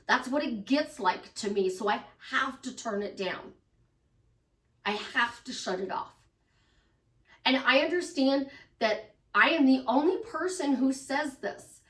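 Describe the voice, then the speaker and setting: A fairly high, fairly bright female voice, a little slow, belongs to a life coach giving a casual talk to camera for her followers. She's emphatic, says things more than once, and acts out people's inner voices. The audio is echoey, and she sounds distant.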